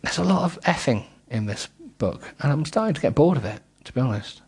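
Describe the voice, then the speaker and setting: A man's voice: mid-range voice, lively intonation, a little fast, darkish tone, husky. A middle-aged man reading a book aloud with comic asides, giggling and stumbling over words.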